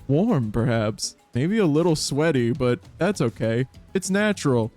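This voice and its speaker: A man streaming a dating game, reading its text aloud and reacting with playful laughs and sudden high-pitched bursts. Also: big pitch swings, unhurried, few pauses, a little mellow, faint music behind.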